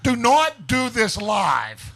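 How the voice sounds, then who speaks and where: A man co-hosting a casual show tells a joke with gusto, acting out each quoted line. His voice sits very high and bright and swoops about as he goes. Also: takes it slowly, creaky. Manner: animated storyteller who acts out the quoted lines. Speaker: podcast co-host. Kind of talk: telling a joke, casual chat.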